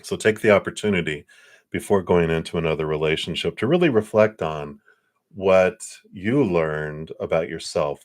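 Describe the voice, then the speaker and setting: Male psychic, low voice, soft reassuring tone, loose fillers, live tarot reading. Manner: gentle, reassuring, meandering with frequent fillers.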